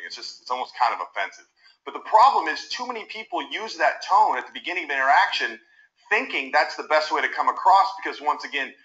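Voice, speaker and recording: A man gives an instructional talk, moving animatedly between example tones. His voice is bright and pressed. The recording is roomy and a little muffled, like a played-back video clip. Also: mid-range voice. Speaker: communication coach.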